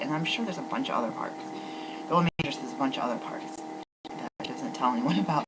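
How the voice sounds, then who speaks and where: Very low-voiced rambling woman vlogger. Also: brisk. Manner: rambling, frequent whispered asides. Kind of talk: rambling personal vlog. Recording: loud background noise and hum.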